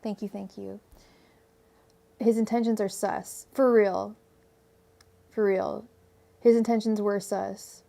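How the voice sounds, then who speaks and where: A woman's voice: mid-range voice, level tone, takes it slowly, gravelly, long pauses, mellow. A woman with a Californian accent reading tarot on a casual livestream, rambling and chatty with many fillers, restarts and laughs. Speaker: tarot reader. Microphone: own microphone at home.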